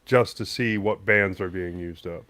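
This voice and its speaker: A man's voice: low voice, measured pace, a crowd in the background. A man co-hosting a podcast, chatting casually and ribbing his co-host. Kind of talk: casual chat.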